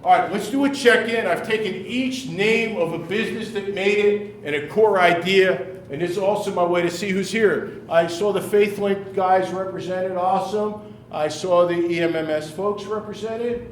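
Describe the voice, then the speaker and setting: A man leading a classroom workshop, running an upbeat, brisk roll call of teams. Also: sits high, slight background noise. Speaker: workshop leader. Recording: echoey room from far off.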